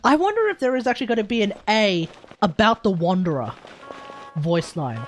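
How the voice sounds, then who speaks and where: Excitable Australian woman streamer. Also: mid-range voice, moderate pace, a little hiss or hum. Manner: excitable, chatty, addresses viewers. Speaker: game streamer. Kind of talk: live gameplay commentary.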